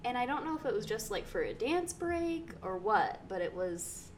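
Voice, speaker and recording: A woman's voice: on the high side, sing-song, normal speed, slight background noise. A young woman co-hosting a podcast, chatting enthusiastically about music and laughing easily. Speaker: podcast co-host. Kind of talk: casual chat about music.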